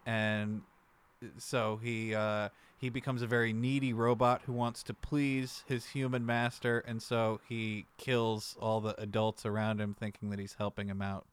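A man co-hosting a comedy podcast, chatting casually with a dry, deadpan delivery. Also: lowish voice, a little slow, clean tone. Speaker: podcast co-host.

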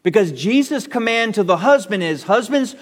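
A man's voice: high voice, lively intonation, unhurried, in a large hall. A male pastor preaching a sermon in an emphatic, conversational way.

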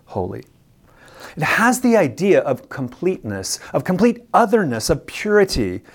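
A preacher with a mid-range voice works through scripture in a sermon, emphatic and deliberate. He leans on repetition for stress and keeps turning to the audience with direct questions.

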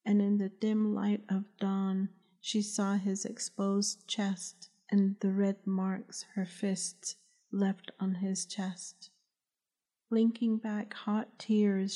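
A woman, the author, reading her novel aloud as calm, measured audiobook narration. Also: mid-range voice.

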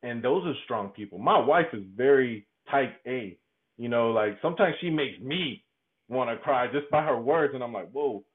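A man giving a candid interview, talking haltingly, repeating words and laughing often. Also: medium pitch, expressive. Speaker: podcast guest. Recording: tinny phone-like line.

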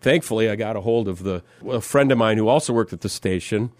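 A man's voice: fairly low pitch, fast, no echo. Wry male radio co-host, dry studio. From Minnesota. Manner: easygoing, wry storyteller. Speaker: radio morning show co-host. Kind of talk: casual on-air banter and storytelling. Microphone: studio microphone.

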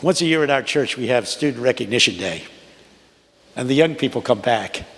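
A man in his eighties preaching a sermon to a congregation, with a rhythmic cadence that climbs to high, emphatic peaks. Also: lively intonation, fairly quick, a bit bright, slight background noise. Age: 80s. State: unwell. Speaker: guest preacher. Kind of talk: sermon with storytelling. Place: large church. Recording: long reverb of a large church.

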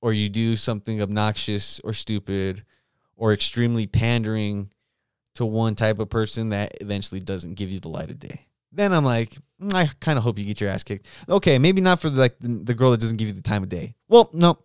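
A man hosting a solo podcast, telling a story in a profane, animated, casual rant. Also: lowish voice, normal speed, smooth, no room sound, studio quality. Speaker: podcast host.

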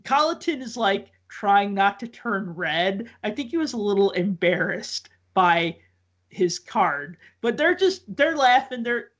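A man's voice: high-pitched, big pitch swings, unhurried, fairly bright tone. A man telling a long casual story, full of likes, ums and restarts. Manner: rambling, filler-heavy with many likes and ums.

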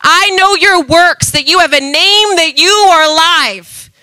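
Bright, high-voiced woman preaching. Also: a little slow, no echo, low-quality recording. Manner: impassioned, swings between loud emphatic calls and soft asides. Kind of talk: sermon.

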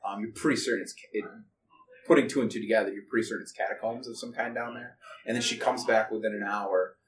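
A man's voice: on the low side, steady tone, quick pace. A man narrating as game master of a tabletop game, rambling with many fillers and restarts. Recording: distant mic, faint background noise.

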